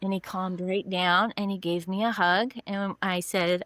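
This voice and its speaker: A middle-aged woman counselor talks in an animated, conversational way, often slipping into quick voices for the people in her examples. Her voice sits at a mid pitch and the recording is close and dry, with no room sound. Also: no echo. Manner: animated, acts out dialogue in voices. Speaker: mental health counselor, guest. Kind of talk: conversational explaining with acted examples.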